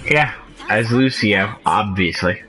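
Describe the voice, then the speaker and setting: A man's voice: fairly low pitch, slow, bright, forceful tone, faint music behind, low-quality recording. A drunk man with a Canadian accent, rambling and giggling through casual chat while playing a game. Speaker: gamer streaming with friends.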